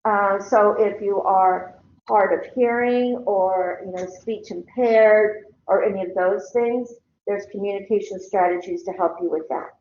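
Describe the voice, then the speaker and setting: A woman's voice: medium pitch, fairly even intonation, unhurried, darkish tone, slight background noise. Older woman, college lecturer, conversational, roomy classroom, dull recording. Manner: conversational, checks in with students.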